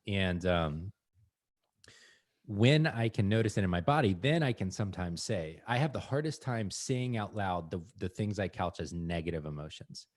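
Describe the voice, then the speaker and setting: A man's voice: low-pitched, animated, moderate pace. A man co-hosting a podcast in casual conversation, earnest and acting out his own inner voice. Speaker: podcast co-host.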